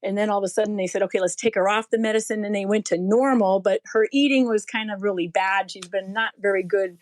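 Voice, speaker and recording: A woman's voice: mid-range voice, fairly even intonation, fast talker, no echo. A woman chatting casually on a live pet show, effusive and laughing as she talks. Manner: warm, gushing, laughs while talking. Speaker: podcast co-host.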